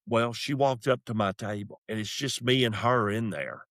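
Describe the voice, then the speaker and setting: A man's voice: on the low side, normal speed, hardly any pauses, dry recording, clean studio sound. A middle-aged man with a Southern accent, a comedian casually telling a story. He moves in and out of quoted voices as he talks. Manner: animated, acts out voices and quotes. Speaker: comedian guest.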